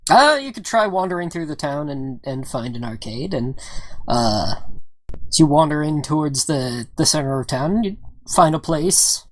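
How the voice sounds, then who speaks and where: Brief: woman GM, deep voice, loose and giggly narration, dry mic. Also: animated, moderate pace, no room sound. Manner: laughs often, hesitant fillers while improvising. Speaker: game master. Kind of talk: narrating a tabletop game.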